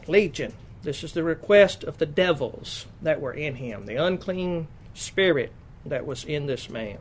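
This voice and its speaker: A man's voice: fairly high pitch, unhurried, slightly rough. A man preaching a sermon, reading scripture aloud and stopping to explain it in plain asides. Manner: reads King James verses then explains them in plain asides.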